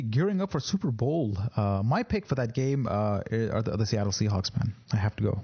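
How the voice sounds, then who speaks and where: A man's voice: on the low side, animated, brisk, few pauses, lo-fi sound, soft background music. A man hosting a casual sports podcast, rambling and repeating words between fillers. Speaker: podcast host.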